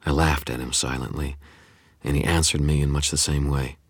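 A man narrates an audiobook with intense, dramatic first-person delivery. His voice sits extremely low and has a husky grain. The recording is dry and close. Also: fairly even intonation, normal speed, fairly bright tone, no echo.

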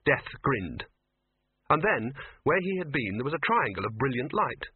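A man reads a story aloud with animated, expressive storytelling. His voice is husky and his pitch moves a lot. The sound is dry and thin, like a phone line. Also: moderate pace, dry recording. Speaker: narrator. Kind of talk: audiobook reading on radio.

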